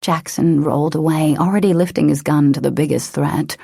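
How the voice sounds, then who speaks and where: A woman narrating an action-romance audiobook in a steady, dramatic manner. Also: sits low, normal speed, creaky, slightly rough, no echo, studio quality. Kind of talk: scripted narration.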